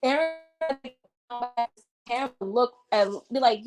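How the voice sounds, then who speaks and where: A woman hosting a live-stream chat, talking in animated, indignant bursts. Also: a little high, normal speed, over music. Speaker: host.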